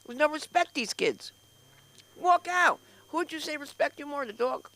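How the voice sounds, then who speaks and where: A woman's voice: high voice, animated, normal speed, pushed and bright, low-quality recording. A woman hosting a comedy open mic, rambling through loose, crude banter on stage. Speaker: comedy school host. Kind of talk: stand-up host banter.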